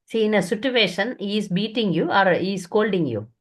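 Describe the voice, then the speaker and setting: A woman teaching in a spoken guidance session, frank and a little scolding. Her pitch swings widely as she tells stories, sitting in the middle for a woman. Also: a little fast. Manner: direct, scolding, lively storytelling. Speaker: spiritual teacher answering questions.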